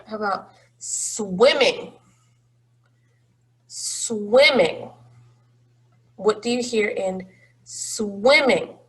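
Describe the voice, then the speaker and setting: Woman, phonics teacher, very slow, husky, patient, encouraging. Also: medium pitch. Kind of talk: phonics lesson for young children.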